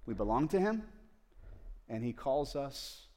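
A man preaching a sermon to a congregation, speaking to the mothers directly, dropping to tender near-whispers and rising to loud pleading. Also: mid-range voice, sing-song, a little slow. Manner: swings from hushed tender asides to loud pleading; addresses the audience directly. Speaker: pastor. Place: church service before a congregation.

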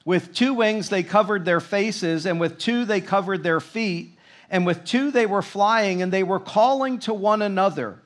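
Male preacher, high voice, slow and emphatic, reads scripture then comments. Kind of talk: sermon.

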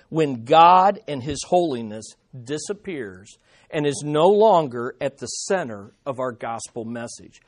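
A man preaching a sermon as pastor, emphatic, repeating key phrases and slowing down on the main points. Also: fairly high pitch. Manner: slows down on key statements.

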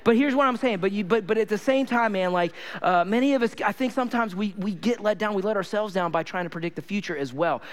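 Male pastor, sermon delivery, high and clear voice, lively storyteller who repeats for emphasis. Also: fast talker, hardly any pauses.

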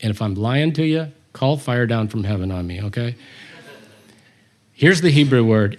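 A man's voice: medium pitch, expressive, moderate pace. A man teaching a Bible study, reading scripture aloud and commenting on it with humor.

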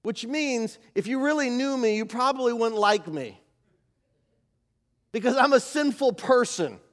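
A man preaching a sermon as pastor, animated, moving from loud emphasis to quiet asides. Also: extremely high pitch, a little slow. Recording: live church service.

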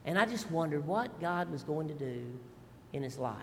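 A middle-aged male pastor, telling family stories in an animated, folksy sermon with asides to the congregation. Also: fairly high pitch, moderate pace, big-room sound, a little hiss or hum. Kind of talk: storytelling sermon.

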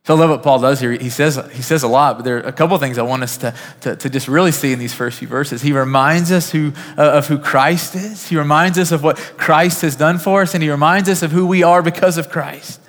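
A man preaching a sermon as pastor, earnest, naming listeners one by one, building to emphatic peaks and dropping to a soft hush. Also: fairly high pitch, fairly even intonation, a little fast, hardly any pauses. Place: church sanctuary. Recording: reverberant church hall.

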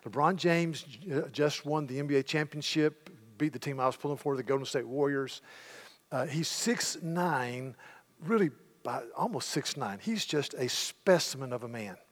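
A middle-aged man preaching a sermon in a church sanctuary, telling the story vividly and slipping into the voices of the people in it. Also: fairly high pitch. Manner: animated storytelling, retelling scenes in character voices. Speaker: pastor. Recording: long hall reverb.

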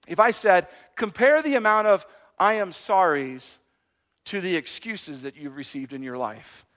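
Bright, animated man preaching. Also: high-pitched, unhurried. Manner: animated, conversational preaching with playful asides. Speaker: pastor. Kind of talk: sermon.

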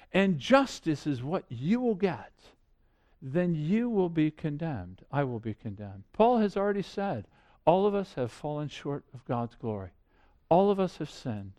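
A man preaching a sermon, animated, asking rhetorical questions and swinging between loud and quiet. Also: on the high side. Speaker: pastor.

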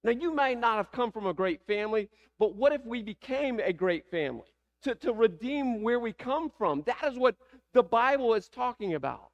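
A man's voice: extremely high pitch, expressive, moderate pace, dull audio. A man with a Southern American accent preaching a sermon, asking the congregation rhetorical questions. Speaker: pastor.

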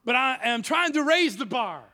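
A man's voice: very high voice, sing-song, moderate pace, pushed and bright. A man preaching as a guest speaker in a church, telling a story in a joking, self-mocking way. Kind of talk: humorous sermon storytelling.

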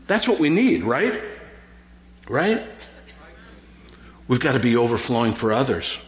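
A middle-aged man, preaching a sermon as pastor in an animated, joking way with lots of repetition. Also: medium pitch, unhurried, echoey room. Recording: dull lo-fi sound.

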